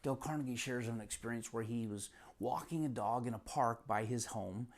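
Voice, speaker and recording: A man's voice: mid-range voice, normal speed, slight background noise. A man teaching from a self-help book, retelling an anecdote in an earnest, casual way with many repetitions. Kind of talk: casual storytelling lesson.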